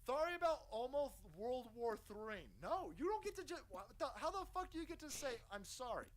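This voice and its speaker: High-pitched guy ranting on stream, sarcastic, swears nonstop. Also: sing-song, fairly quick, slight background noise, poor audio. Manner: mocking, sarcastic, swears constantly; puts on voices to mock people. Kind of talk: profane political rant on a livestream.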